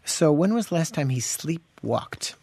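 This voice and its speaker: A man's voice: a little high, animated, measured pace, creaky, a little mellow, breathy edge, no room sound. A man who is a doctor answering callers on a radio show, chatty and joking as he gives plain practical advice. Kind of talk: casual radio advice talk.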